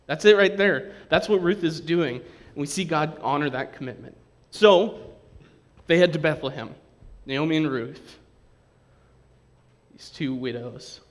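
A man preaching a sermon to a congregation, in a lively, conversational way, acting out the quotes he reads. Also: a little high, unhurried. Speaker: pastor.

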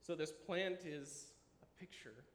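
A man in his thirties preaching a sermon, animated and enthusiastic, dropping at times to a quiet, earnest tone. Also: on the high side, slow, a little hiss or hum. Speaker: pastor. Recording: echoey room with faint ambience.

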